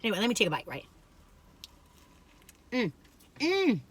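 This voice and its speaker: A woman's voice: on the high side, wildly swooping pitch, moderate pace, breathy edge. An older woman, chatting and rambling as she tells stories in a food review vlog. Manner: chatty and rambling, acts out quoted voices. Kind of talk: casual storytelling chat to camera.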